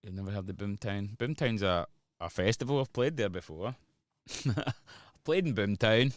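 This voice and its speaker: A man's voice: fairly low pitch, moderate pace, dry recording, studio quality. A Scottish man, a DJ and music producer, chatting casually on a livestream while making music. He rambles, swears freely and laughs often. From Scotland.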